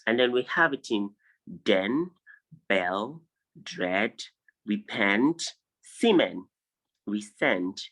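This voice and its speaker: A man teaching an online phonology lesson on a video call, drilling each word slowly and insistently correcting pronunciation. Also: lowish voice, animated, fairly bright tone, low-quality recording. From Nigeria. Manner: drills words, repeating them slowly for students. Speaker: English tutor.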